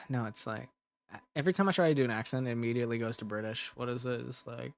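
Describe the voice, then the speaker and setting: A man's voice: mid-range voice, fairly quick, creaky, long pauses. A young adult man, an ASMR creator, rambling casually with restarts while chatting on a livestream.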